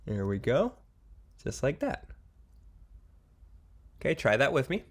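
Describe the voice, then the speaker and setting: A young man teaching a beginner oboe lesson, patient and encouraging, often pausing with fillers and restarting his sentences. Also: medium pitch, big pitch swings. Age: young adult. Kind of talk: instructional video lesson.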